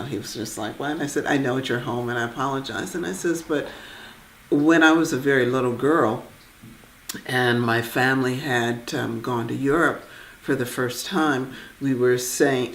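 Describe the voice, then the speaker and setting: A middle-aged woman, a visual artist and writer, telling a personal story in a reflective, animated way with pauses. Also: very deep voice. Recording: echoey room.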